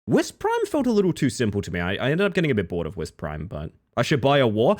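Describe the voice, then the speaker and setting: A man live-streaming, chatting casually with viewers, reading their messages and answering them by name, jumping from excited high yelps to low mutters. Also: fast talker, few pauses. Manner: reads chat aloud and answers viewers by name.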